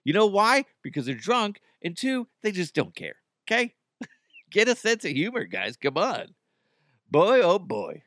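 A man's voice: sits high, huge pitch swings, measured pace, a bit bright, no room sound, studio quality. A man hosting a podcast in a rambling, jokey comedic monologue, laughing often. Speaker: podcast host.

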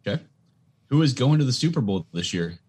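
A man co-hosting a parenting podcast, laid-back and quick to laugh while asking questions. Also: mid-range voice, big pitch swings, darkish tone, breathy edge. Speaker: podcast co-host. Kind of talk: casual podcast chat.

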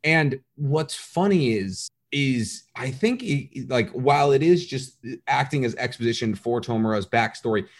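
A man co-hosting a casual podcast, talking in an animated, rambling way and acting out quotes. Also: medium pitch, measured pace, hardly any pauses. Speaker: podcast co-host. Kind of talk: casual chat.

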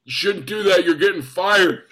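A man's voice: high-pitched, normal speed, a crowd in the background, voice pushed up, natural voice. A man imitating an older male comedian who mockingly teases a newcomer. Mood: teasing. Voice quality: mocking, needling.

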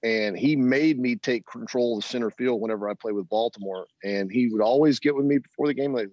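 A man's voice: fairly low pitch, brisk, dry recording, highs cut off. A middle-aged man, a former ball player, telling stories in an interview, acting out the voices of the people he quotes. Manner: animated storyteller, acts out quoted voices, laughs often. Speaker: former baseball player, guest. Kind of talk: interview storytelling.

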